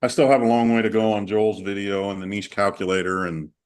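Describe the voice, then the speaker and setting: A man with a low voice talks casually on a video call. He is chatty and candid, and he rambles as he tells a story. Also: steady tone, brisk, clear, resonant tone. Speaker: coaching client.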